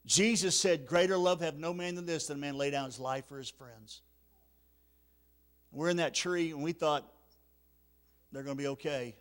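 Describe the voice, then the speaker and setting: Evangelist, higher-pitched man, emotional revival storyteller who goes hushed at sad beats. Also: steady tone, normal speed. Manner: emotional, repeats words, drops to near-whisper at sad moments. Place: church sanctuary.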